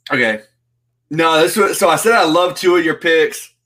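Male co-host for a betting show, laid-back chat with easy laughs, bright tone. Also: a little high, normal speed. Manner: relaxed, laughs easily, casual fillers. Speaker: sports betting podcast co-host. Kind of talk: casual sports betting chat.

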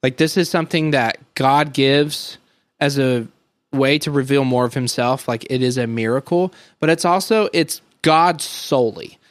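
A man co-hosting a podcast, explaining Scripture in casual, earnest talk with slow, stressed words. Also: medium pitch, no echo. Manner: earnest, thinking aloud with many "like"s and slow emphatic stresses. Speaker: podcast co-host. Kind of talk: casual Bible teaching chat.

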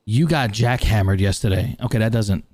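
A man's voice: lowish voice, normal speed, dry recording, studio quality, natural voice. Man playing a nosy, dramatic podcast host. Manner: frantic, interrupting, bursts into shouting. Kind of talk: in-character game role-play interview.

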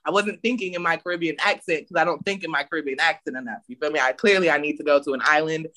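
A young man co-hosting a casual podcast, telling a self-mocking story in a relaxed, loose way. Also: a little high, fast. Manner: laid-back storytelling with frequent laughs and self-mocking asides. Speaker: podcast co-host. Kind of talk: casual chat.

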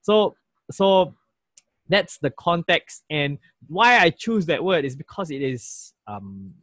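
A man from Malaysia explains slang in relaxed chat, acting out the phrases as he goes. His pitch jumps around a lot and he laughs often. The recording is dry and close. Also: slow, no room sound. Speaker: guest explaining language. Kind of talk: casual conversational explanation.

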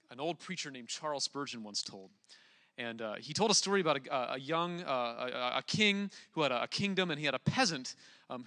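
A young man preaching a relaxed, conversational sermon, with plenty of fillers and restarts. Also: on the high side, long reverb tail.

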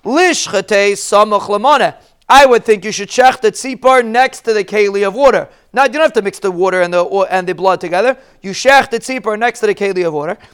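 A man's voice: high-pitched, brisk, a bit bright, clean tone. A man teaching a Talmud lesson, explaining each Hebrew phrase in plain English.

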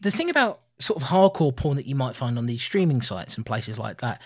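A man in his thirties co-hosting a casual film review podcast, animated and laughing often. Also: medium pitch, a little fast. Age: 30s. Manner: animated, laughing, puts on voices for quotes. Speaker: podcast co-host.

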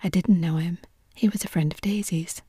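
A woman's voice: fairly low pitch, steady tone, moderate pace, slightly rough, no room sound, studio quality. A woman whispering the lines of a blunt, impatient rich man in a whispered role-play. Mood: curt. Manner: curt, sharp.

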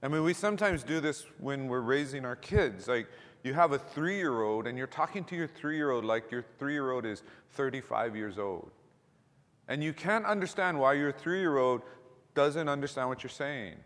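A man's voice: medium pitch, lively intonation, moderate pace, a bit bright. Middle-aged male pastor, chatty sermon with restarts, mid-range voice, long hall reverb. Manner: conversational, with repeated words and asides.

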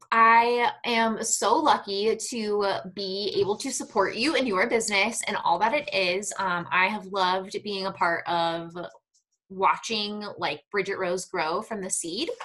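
A woman guest with a bright, forward voice, chatting easily with plenty of likes and ums. She sounds open and talkative as she explains her work. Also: medium pitch, measured pace, rough recording. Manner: warm, chatty, lots of fillers. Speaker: podcast guest, marketer. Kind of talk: casual podcast chat.

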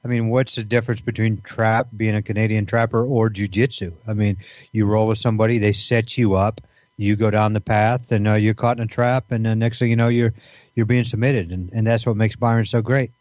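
A man's voice: lowish voice, little pitch movement, brisk, a little mellow, no echo, dull audio. A man co-hosting a podcast in casual banter, rambling with many fillers and restarts. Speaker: podcast co-host.

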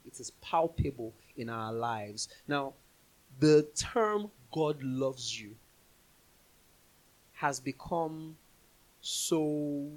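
Husky-voiced man teaching the Bible. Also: medium pitch, a little mellow, poor audio. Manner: conversational, explains with everyday examples.

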